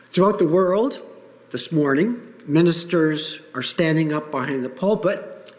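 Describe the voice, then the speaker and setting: A man preaching a sermon to his congregation, earnest and emphatic, with pauses for weight. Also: fairly high pitch, lively intonation. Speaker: pastor. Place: church sanctuary. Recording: long reverb of a church hall.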